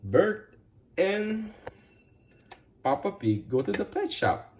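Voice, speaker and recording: A woman narrating a children's toy play story, her voice swooping up and down in a sing-song lilt. She talks slowly and simply, with a faint hiss in the background. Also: mid-range voice, big pitch swings, darkish tone.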